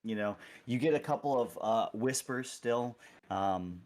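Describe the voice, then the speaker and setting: A man's voice: medium pitch, unhurried, darkish tone. A man narrating as game master, describing scenes loosely with many fillers. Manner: rambling, filler-heavy description.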